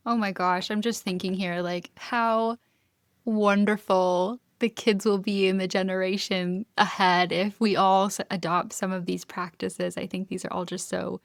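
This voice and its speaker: Brief: woman podcast host, affirming and enthusiastic, mid pitch, dry sound. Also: dry recording. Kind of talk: conversational interview.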